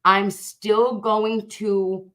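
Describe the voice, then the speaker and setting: Woman, livestream host, fervent, emphatic, repeats herself, mid pitch. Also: little pitch movement, drawn-out words, fairly bright tone. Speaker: livestream host reading viewer comments. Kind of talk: impassioned livestream commentary.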